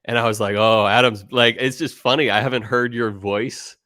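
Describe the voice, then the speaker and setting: A man's voice: mid-range voice, steady tone, moderate pace, pushed and bright, no echo, clean studio sound. A man hosting a podcast in casual chat, giving short affirming replies and friendly questions. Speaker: podcast host.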